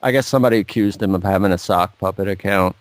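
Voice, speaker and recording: A man's voice: sits low, fast talker, no echo. Profane rambling podcast co-host man. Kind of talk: casual chat. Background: faint music.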